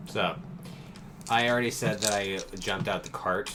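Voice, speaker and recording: A man's voice: lowish voice, fairly even intonation, normal speed. A man playing in a tabletop game, stating his moves casually with joking asides. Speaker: player. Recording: noisy mic with clicks.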